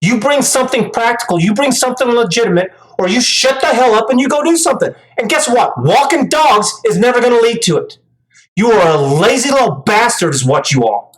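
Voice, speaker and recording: A woman's voice: fairly high pitch, expressive, brisk, low-quality recording. A woman commentator giving angry reaction commentary, ranting, profane and scolding.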